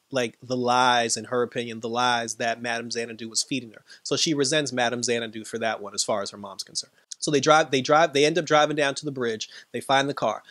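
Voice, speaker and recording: A man giving a casual, animated recap of a TV episode, acting out what the characters said and laughing often. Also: medium pitch, no echo. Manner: animated retelling, quoting characters, frequent laughs. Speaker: TV episode reviewer.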